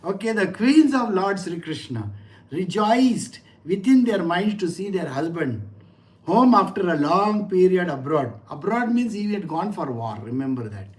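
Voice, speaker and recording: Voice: medium pitch, big pitch swings, a little slow. Middle-aged scripture teacher. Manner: conversational, asks listeners rhetorical questions and tells personal anecdotes. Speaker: spiritual teacher. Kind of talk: scripture lecture.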